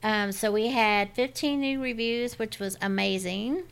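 Woman, gravelly fry, scratchy, rambling podcast co-host. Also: on the high side, measured pace. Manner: rambling, self-interrupting. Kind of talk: casual chat.

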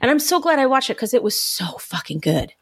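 A woman's voice: high-pitched, very animated, brisk, slightly rough. A woman co-hosting a podcast, chatting enthusiastically and saying "like" often. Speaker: podcast co-host. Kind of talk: casual chat.

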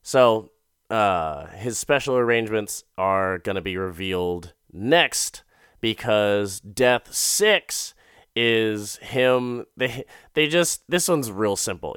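A young man rambles through a loose, profane episode recap, acting out characters' lines in quick put-on voices. His voice sits low but sounds bright and forceful, smooth and clear. The sound is dry and close, with no room around it. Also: no room sound.

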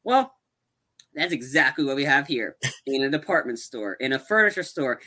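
Casual podcast co-host, male, bright tone, rambling and animated, stumbles and restarts often. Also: on the high side, moderate pace. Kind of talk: casual movie recap chat.

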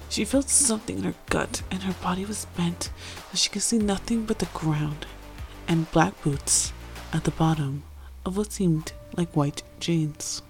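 A woman's voice: on the low side, gravelly. A woman chatting casually with fillers, then reading a romance story aloud. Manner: chatty, filler-heavy intro then steady narration. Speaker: fan fiction reader.

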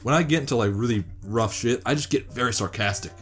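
A man's voice: medium pitch, quick pace, a bit bright, faint music behind. A young man, a rapper guesting on a podcast, telling a story in casual, profane speech and acting out other people's lines.

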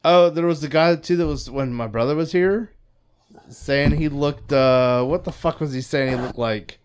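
A man's voice: a little high, moderate pace, clear, resonant tone. Profane, laid-back male podcast host. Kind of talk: casual chat.

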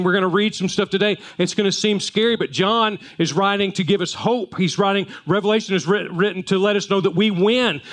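A man's voice: high voice, a bit bright. A man preaching a sermon as pastor, telling folksy stories with frequent restarts. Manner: folksy storytelling with repeated restarts.

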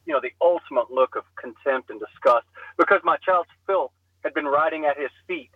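A young man on a podcast telling a comic story in an animated way, acting out the voices. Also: fairly high pitch, a little fast, husky, no echo, narrow, tinny audio.

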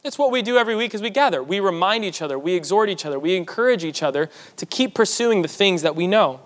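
A man's voice: high-pitched, animated, fast, a bit bright. A man preaching a sermon to his church, teaching in a conversational way with asides to the congregation. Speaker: pastor. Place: church sanctuary. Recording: long hall reverb.

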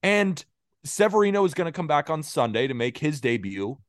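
A man's voice: fairly high pitch, sing-song, normal speed, no echo, clean studio sound. A man co-hosting a casual sports podcast, ranting heatedly and swearing freely. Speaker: podcast co-host.

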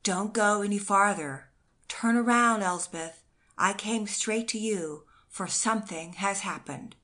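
A breathless male farmhand bearing terrible news in a storybook, urgent and gasping. A woman reader plays him, pushing her voice a little higher and louder. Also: animated, slow.

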